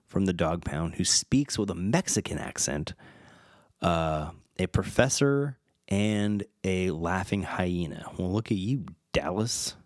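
A man's voice: fairly low pitch, a little mellow, dry recording, clean studio sound. A man hosting a casual film retrospective, reading trivia aloud and stumbling over names. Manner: reads fun facts aloud, stumbles over names and chuckles. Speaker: podcast host.

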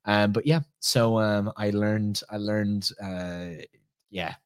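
A man's voice: lowish voice, steady tone, slow pace, smooth, no echo. An Irish man hosting a podcast, chatting casually and telling rambling anecdotes. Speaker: podcast host. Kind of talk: casual conversational chat.

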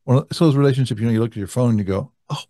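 A male interview guest speaking in a reflective way, slowing down to stress key points. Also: medium pitch, dark tone, dry recording, studio quality. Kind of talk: conversational interview.

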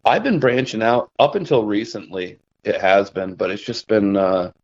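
Rambling, low-voiced trapper guest. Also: male voice, normal speed, lo-fi sound. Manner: rambling, self-interrupting, laughs at own stories. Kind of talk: casual storytelling in conversation.

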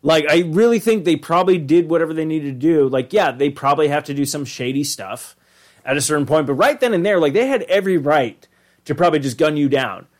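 A man's voice: fairly high pitch, animated. A man co-hosting a podcast in rambling casual chat, reacting and riffing. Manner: rambling, chatty, reacts with quick interjections. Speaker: podcast co-host.

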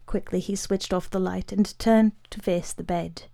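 A woman narrating a literary short story in a measured, unhurried way. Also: mid-range voice, steady tone, gravelly, dark tone.

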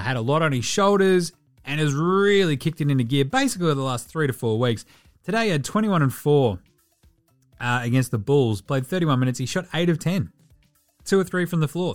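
A fairly high-voiced man talks through basketball results in a casual podcast, his pitch jumping around as he jokes and swears. His manner is irreverent and quick to mock, with light music sitting behind him. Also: big pitch swings. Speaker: podcast host. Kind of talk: casual sports commentary.

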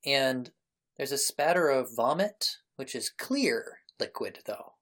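A woman's voice: a bass voice, big pitch swings, slow. Woman narrating as game master. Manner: descriptive, explanatory, leisurely.

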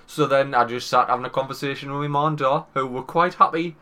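A man in his thirties with a Northern English accent, co-hosting a podcast and telling a swearing, animated anecdote with quoted voices. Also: medium pitch, fast. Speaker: podcast co-host. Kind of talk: casual storytelling chat.

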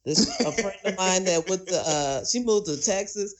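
A woman with a mid-range voice telling stories in a casual chat. She talks in a lively way and acts out the voices of the people she quotes. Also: mid-range voice, normal speed.

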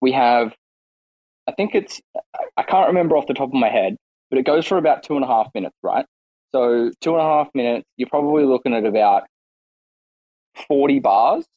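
A man chatting casually on an online voice call, rambling and relaxed with lots of fillers and restarts. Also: medium pitch, a little fast, pauses often, no echo, muffled recording. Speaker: participant in an online audio chat room. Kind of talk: casual chat.

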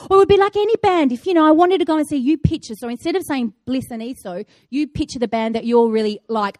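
A woman's voice: high voice, animated, fast, darkish tone, no room sound, clean studio sound. A woman giving a conversational sermon, chatty and playful, telling stories with acted-out asides. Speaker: preacher.

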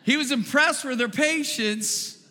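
A man's voice: very high voice, unhurried, bright, forceful tone. A male pastor giving a sermon in a conversational way, with frequent stammered restarts and acted-out quotes. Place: church hall. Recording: reverberant church hall.

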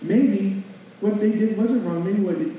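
A man preaching a sermon in a church, folksy and animated, asking the congregation questions. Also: sits high, unhurried, a little hiss or hum. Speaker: pastor. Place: church sanctuary. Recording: distant mic in a very echoey hall, lo-fi.

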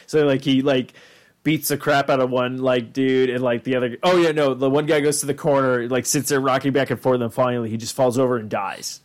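Brief: mid-pitched man, casual host, rambles, curses, mimics voices in stories. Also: fairly even intonation, fast talker. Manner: rambling, swearing, acts out quotes in voices. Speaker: podcast host. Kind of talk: casual chat.

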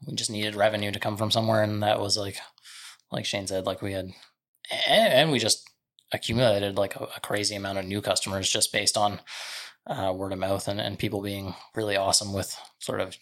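A man's voice: lowish voice, steady tone, fairly quick, a bit bright. A man co-owning a sausage business, talking casually in a rambling way with lots of fillers. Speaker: sausage company co-owner. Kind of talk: casual chat.

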